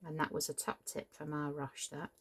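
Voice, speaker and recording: A woman's voice: low voice, monotone, normal speed, a bit bright, slightly rough. A middle-aged woman, casually demonstrating a papercraft build, chatty and apologetic and prone to tangents. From Cheshire, England. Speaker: papercraft tutorial host.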